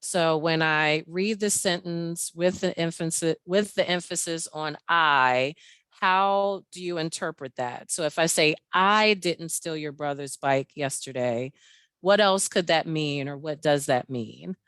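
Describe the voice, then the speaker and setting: A woman leads a training webinar over a video call, guiding participants through an exercise. She speaks slowly in a smooth, clear, fairly low voice. The sound is dry and close. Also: a bit bright, no room sound. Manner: friendly, laughs often, explains step by step. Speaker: webinar presenter.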